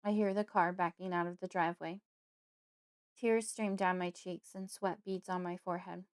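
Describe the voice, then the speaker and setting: A woman reading a creepy horror audiobook in the first person, at a steady, measured pace. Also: fairly low pitch, clean tone, no echo, studio quality. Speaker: audiobook narrator.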